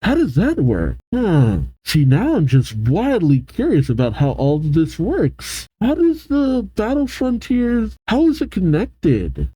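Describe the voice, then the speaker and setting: Musing man with a lively, mellow voice. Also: high voice, no room sound, rough recording. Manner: musing, thinking aloud with many restarts. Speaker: reaction channel host. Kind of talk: casual reaction commentary.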